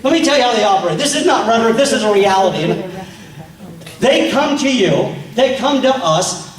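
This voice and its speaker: A political speaker with a very high-pitched, lively voice and moderate pace gives a fiery speech at a meeting. He stirs the crowd with rhetorical questions, recorded from far off in an echoey meeting hall.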